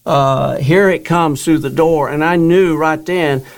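Earnest middle-aged man, smooth voice. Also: fairly high pitch, fairly even intonation, measured pace. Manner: rambling, earnest, repeats words and quotes others. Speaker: guest telling his story. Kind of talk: casual storytelling interview.

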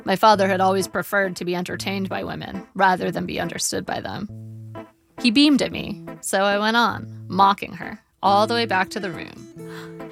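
Woman reading a memoir with vocal fry. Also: mid-range voice, fairly even intonation. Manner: measured, wry storytelling. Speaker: narrator. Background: faint guitar music.

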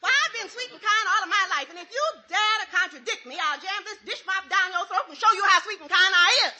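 A woman playing a sharp-tongued, sarcastic middle-aged wife in a radio comedy, scolding her husband in broken grammar. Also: very high voice, quick pace, full character voice. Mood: threatening. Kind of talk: 1940s radio comedy acting.

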